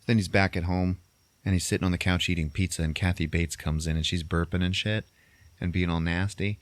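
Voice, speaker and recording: A man's voice: sits low, steady tone, fairly quick, no echo. A man hosting a podcast, recapping a movie in a crude, profane, chatty way. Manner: profane, laughing storyteller. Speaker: podcast host.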